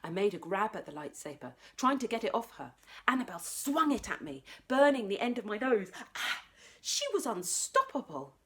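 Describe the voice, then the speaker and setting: A woman reading a children's book aloud as a librarian, expressive, dropping to a whisper for tense moments. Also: mid-range voice, normal speed. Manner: expressive, drops to whispers for tension. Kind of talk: children's storybook read-aloud.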